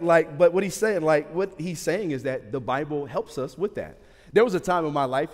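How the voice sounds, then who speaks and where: A man preaching a sermon to his church in a lively, joking, conversational way. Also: a little high. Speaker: pastor. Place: large church hall. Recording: hall reverb.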